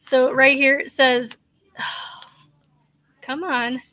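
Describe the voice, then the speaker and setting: Bright-voiced, slow-talking woman crochet host. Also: sits high, little pitch movement. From Kansas, USA. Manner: chatty, laughs often, reads viewer comments aloud. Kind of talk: casual live-stream chat.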